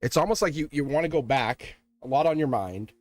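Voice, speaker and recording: A man's voice: a little high, lively intonation, a little fast, dry recording. Chatty man giving a live tarot reading. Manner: chatty, laughing, talks straight to viewers. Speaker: tarot reader streamer. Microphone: desk mic. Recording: faint music behind the voice. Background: soft background music.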